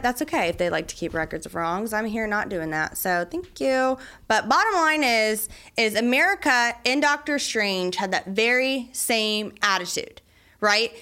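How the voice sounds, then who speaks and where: A young adult woman hosting a solo podcast, talking in a chatty, animated way about faith and everyday life. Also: on the high side, clean tone. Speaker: podcast host. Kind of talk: casual solo podcast talk.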